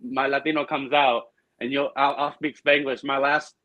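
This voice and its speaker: A man with a Boston accent, chatting casually as a podcast guest and telling animated stories full of fillers. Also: medium pitch, no echo, highs cut off. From Argentina. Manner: animated, quick storytelling with lots of fillers. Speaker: drag performer guest.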